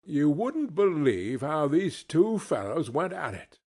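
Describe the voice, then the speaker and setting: A man narrating a classic novel as an audiobook, reading in an expressive, unhurried way. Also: fairly high pitch, slightly rough. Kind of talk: scripted narration.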